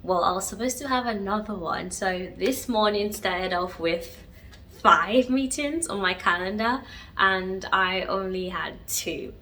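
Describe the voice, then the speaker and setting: A woman's voice: mid-range voice, a little slow, bright, forceful tone. A woman in her twenties chatting casually to viewers in a home vlog, laughing often and talking straight to camera. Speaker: vlogger.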